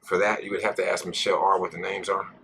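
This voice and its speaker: A man's voice: low-pitched, level tone, fast talker, creaky, pushed and bright, slight background noise. A man hosting a casual live stream, rambling, joking with his viewers and cursing freely. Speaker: cannabis live-stream host.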